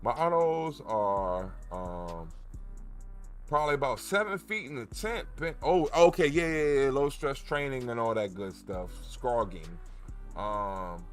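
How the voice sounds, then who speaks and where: A man hosting a casual livestream, chatting in a jokey, rambling way with many restarts. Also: medium pitch. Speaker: cannabis grow livestream host.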